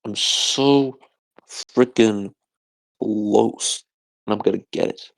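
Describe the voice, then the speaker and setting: A man's voice: on the low side, slow, gravelly. A young man on a podcast, rambling sleepily to himself in a repetitive solo monologue. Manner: sleepy, repetitive self-talk. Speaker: podcast co-host.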